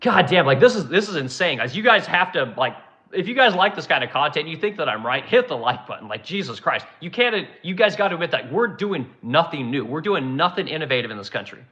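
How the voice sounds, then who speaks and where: Bright-voiced man ranting with profanity. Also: on the high side, very animated, fairly quick, lo-fi sound. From Oregon. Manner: exasperated, heavily profane, sarcastic. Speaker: channel host.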